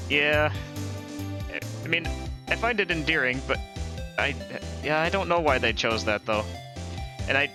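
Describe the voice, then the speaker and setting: A man streaming a story game, chatting in a relaxed, self-deprecating way, with game music underneath. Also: medium pitch. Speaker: VTuber streamer. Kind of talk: casual game commentary.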